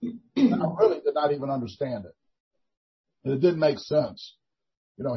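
An older man, a minister giving an earnest, halting testimony in a Christian talk show interview, full of restarts. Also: on the high side, sing-song, slightly rough. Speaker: prison minister. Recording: dull lo-fi recording.

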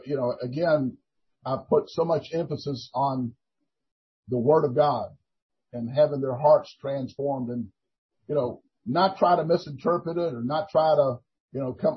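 An older man, a minister giving an earnest, halting testimony in a Christian talk show interview, full of restarts. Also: medium pitch, slightly rough. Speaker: prison minister. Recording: dull lo-fi recording.

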